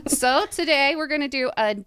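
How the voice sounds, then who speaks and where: A woman's voice: sits high, normal speed, fairly bright tone, dry recording, studio quality. A woman hosting a casual podcast chat, upbeat and welcoming as she introduces the episode. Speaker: podcast host.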